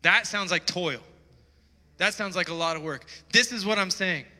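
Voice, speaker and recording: A pastor preaching a sermon to his church, excitable and getting loud when he is stirred up. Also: high voice, moderate pace. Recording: preaching in a reverberant church hall.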